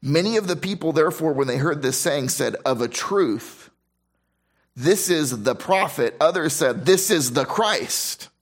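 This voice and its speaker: A man's voice: on the high side, animated, a little slow. A man preaching a sermon, reading scripture aloud and explaining it with emphatic repetition and frequent restarts. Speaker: pastor.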